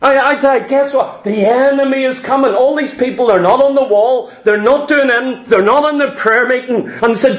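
A man's voice: extremely high pitch, fairly quick, few pauses. A man preaching a sermon, emphatic and repetitive, acting out voices of his congregation. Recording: echoey church hall.

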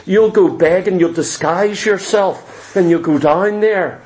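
Male pastor, high pitch, dramatic storytelling sermon, emphatic and exhortative. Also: a little slow, darkish tone. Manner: dramatic storytelling, acting out the characters' lines.

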